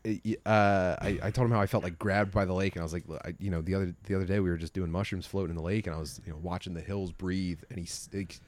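A man co-hosting a podcast, telling a long, rambling, profane story in casual chat, often trailing off quietly. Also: deep voice. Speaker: podcast co-host.

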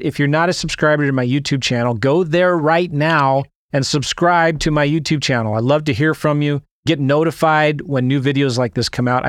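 An enthusiastic male podcast host talks straight to his audience, firing off rhetorical questions. His voice sits a little high. The close-miked sound is dry, with no room around it. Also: clean tone, no room sound. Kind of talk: energetic podcast intro monologue.

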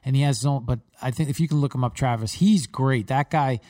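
A man's voice: mid-range voice, fast, no room sound, clean studio sound. A man from Long Island with a New York accent, a podcast host chatting casually and telling stories with emphasis. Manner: lively storyteller, emphatic. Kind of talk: casual chat.

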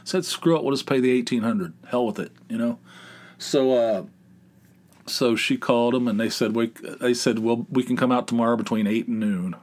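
A man hosting his own podcast, talking casually in a loose, rambling way. He tells his story with heavy sarcasm and frequent swearing, and his voice sits at an ordinary middle pitch. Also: fairly even intonation, moderate pace, a little mellow. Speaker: podcast host.

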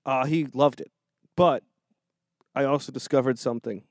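A man's voice: mid-range voice, steady tone, normal speed, no echo, studio quality. A man, a defense attorney and regular guest, telling rambling stories and laughing mid-sentence. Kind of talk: casual podcast chat.

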